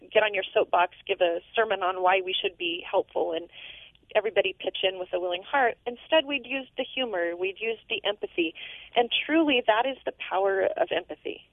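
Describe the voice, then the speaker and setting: A woman's voice: medium pitch, brisk, dry recording. A middle-aged mother telling a parenting story in an earnest, storytelling way. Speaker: parenting guest. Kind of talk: casual chat. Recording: tinny phone line.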